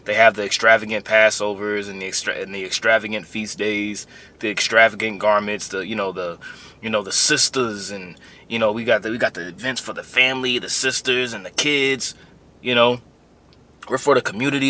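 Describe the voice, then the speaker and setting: A man's voice: on the low side, brisk, sharp tone. A man giving an informal religious lesson to his camp, rambling and conversational, building to heated emphasis.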